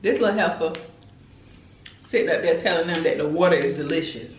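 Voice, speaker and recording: A woman's voice: deep voice, brisk, reverberant, slight background noise, poor audio. A woman tells a dramatic story in casual chat while eating on camera. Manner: animated, chatty, dramatic retelling. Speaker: mukbang host.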